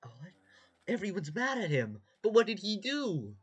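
A YouTube host reacting to animations in an excitable way, gasping often and repeating words when alarmed. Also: medium pitch, measured pace, slightly rough.

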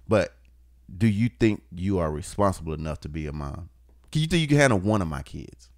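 A man's voice: sits low, expressive, fairly quick, dry recording, clean studio sound. A man co-hosting a podcast, chatting casually and teasing his co-host with a laid-back manner. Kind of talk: casual chat.

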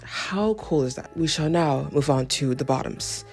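A woman's voice: low voice, unhurried, hardly any pauses, darkish tone, soft background music. A young woman hosting a casual clothing haul vlog at home, playful and self-mocking, chatting straight to the viewer with theatrical asides. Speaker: fashion vlogger.

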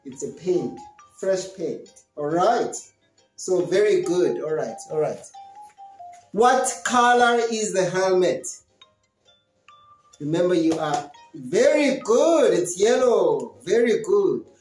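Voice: mid-range voice, very animated, takes it slowly, dark tone, faint music behind. A teacher giving a lesson to young learners, explaining step by step and acting out questions and answers in an encouraging way. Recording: roomy echo.

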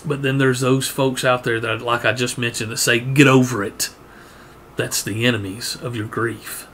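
A man's voice: steady tone, normal speed, fairly bright tone. Earnest male preacher with faint hiss. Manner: earnest, repeats words, rises in pitch when stressing points. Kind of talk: sermon.

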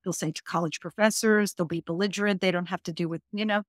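A woman's voice: fairly low pitch, steady tone, fast talker, no room sound, clean studio sound. A woman speaking as a divorce coach guest on a podcast interview, earnest and emphatic, stacking her points in lists.

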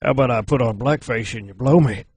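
A man's voice: mid-range voice, fast, heavy background noise. A man making a prank phone call, speaking in a provocative, mock-sincere way. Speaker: prank caller.

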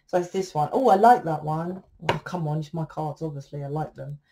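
A woman's voice: low voice, a little fast, heavy background noise. A woman giving a casual tarot reading to camera. She talks bluntly, swears freely and keeps tagging her points with "right?". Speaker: tarot reader.

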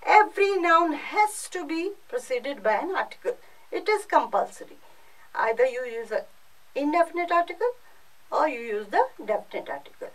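A woman's voice: high voice, expressive, moderate pace, a bit bright, distant mic, poor audio. A female French teacher with an Indian English accent, giving a recorded class lesson and explaining patiently with lots of repetition.

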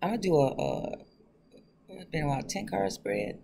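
A woman's voice: medium pitch, normal speed, creaky, warm tone, husky. A woman reading tarot on her own channel, chatting loosely and talking straight to her viewers with frequent laughs. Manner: laughs often. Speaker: tarot reader. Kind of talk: casual tarot reading vlog.

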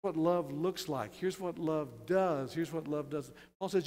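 A man preaching from the pulpit, his fairly high voice swelling into loud, stressed phrases. The sanctuary around him rings with a long reverb. He works through his points with steady emphasis. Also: measured pace. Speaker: pastor. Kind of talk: sermon. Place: church sanctuary.

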